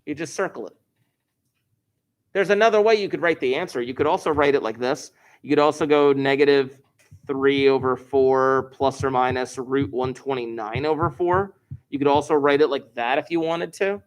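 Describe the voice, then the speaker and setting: This middle-aged math teacher speaks at medium pitch and a moderate pace while recording a lesson. Playful and animated, he walks his students through every step.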